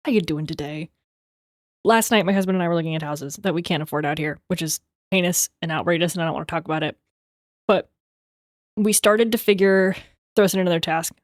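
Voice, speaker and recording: A young adult woman livestreamer in rambling, casual chat, quick to laugh. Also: fairly low pitch, no echo, clean studio sound.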